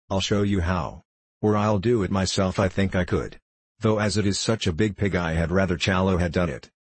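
A man with a very low, husky voice reading the lines of a blunt, impatient country wife in a storybook. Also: dry recording. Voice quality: scolding, impatient. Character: blunt, hard-headed rural young wife.

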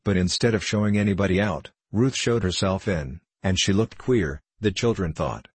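A man reading a children's storybook aloud in a measured, even narration. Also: low voice, breathy edge, no room sound. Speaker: audiobook narrator.

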